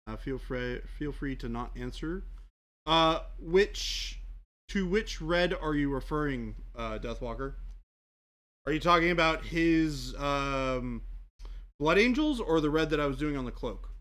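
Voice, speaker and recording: A man's voice: a little high, animated, a little slow, a bit bright. A man co-hosting a hobby livestream, answering chat questions in an easygoing way with a lot of fillers. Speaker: co-host of a miniature painting livestream.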